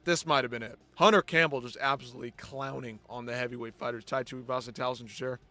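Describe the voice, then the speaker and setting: A man's voice: medium pitch, steady tone, quick pace, sharp tone. Profane, ranting male fight-show host. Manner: blunt, profane, exasperated ranting. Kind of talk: live post-fight commentary.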